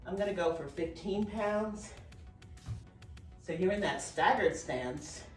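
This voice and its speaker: A lowish-voiced middle-aged fitness instructor takes her time speaking during a dumbbell routine, a bit out of breath. Encouraging throughout, she counts reps and cues form; faint music sits under a roomy, distant recording.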